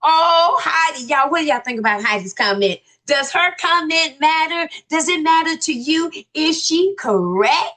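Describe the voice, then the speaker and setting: A woman hosts a commentary channel, reading out viewer comments and reacting to them with loud exclamations, talking straight to her viewers. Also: high voice, lively intonation, moderate pace, hardly any pauses.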